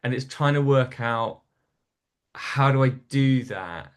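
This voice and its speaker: A man's voice: medium pitch, slow pace, clean tone. A man from North East England, a stand-up comedian, telling stories in a casual podcast chat with frequent restarts. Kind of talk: storytelling in casual interview.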